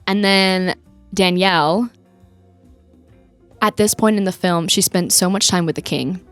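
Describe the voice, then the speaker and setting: A young woman with a lowish voice talks through a movie in a relaxed podcast chat. She retells the scenes with animated energy. Soft music plays faintly underneath. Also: a little slow. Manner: animated retelling with acted-out quotes. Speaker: podcast co-host. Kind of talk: casual movie-review chat.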